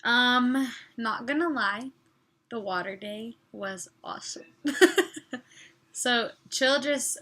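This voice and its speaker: Young woman, bubbly vlogger, bright tone, giggles, whispered asides. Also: fairly high pitch, slow pace. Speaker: summer youth missionary. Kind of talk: casual chat.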